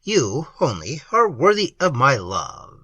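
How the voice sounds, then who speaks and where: Pushy flattering officer, read by a man, bright and husky, dry sound. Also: medium pitch, slow pace, no echo, exaggerated voice. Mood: coaxing. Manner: coaxing, insistent. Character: persistent male officer, smooth flatterer.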